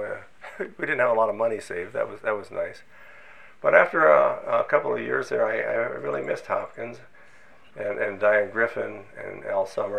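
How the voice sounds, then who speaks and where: A man's voice: fairly low pitch, creaky, sharp tone, rough recording. An older man from Minnesota recounting his scientific career in a storytelling way, with self-deprecating humor and frequent false starts. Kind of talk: oral history storytelling.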